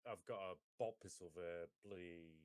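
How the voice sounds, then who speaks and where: A man's voice: deep voice, fairly even intonation, moderate pace, darkish tone, clear, resonant tone, no echo, studio quality. A man, playing a tabletop role-playing game in a cheeky, laughing manner with heavy swearing. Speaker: player.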